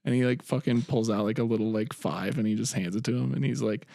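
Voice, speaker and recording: A man's voice: mid-range voice, fast, gravelly, no echo, studio quality. A young man co-hosting a podcast in casual chat, swearing freely and telling stories with energy. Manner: swears freely, animated storyteller. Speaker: podcast co-host.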